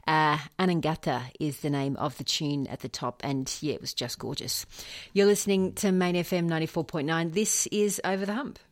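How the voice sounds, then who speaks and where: A woman's voice: sits low, fairly even intonation, fairly quick. An Australian woman hosting a community radio show in a chatty, casual way with easy fillers. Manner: chatty, with fillers and light laughs.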